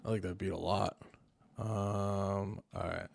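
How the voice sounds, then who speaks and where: A man's voice: sits low, fairly even intonation, slow, gravelly, a little mellow. A male livestream host giving casual commentary, profane and sarcastic, often breaking into laughter as he reacts. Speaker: streamer host.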